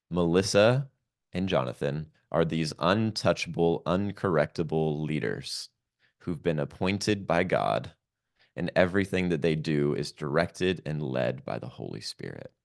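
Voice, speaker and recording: A man with an extremely low voice and a gravelly, fry-laden texture tells a personal story as a podcast guest. He talks in an earnest, reflective way, often pausing on ums and likes as he recounts what happened.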